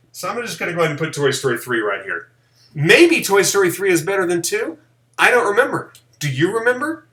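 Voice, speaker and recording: Man, live-stream host, casual chat, jokey, bright tone, echoey room. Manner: animated, jokey, does mocking high voices.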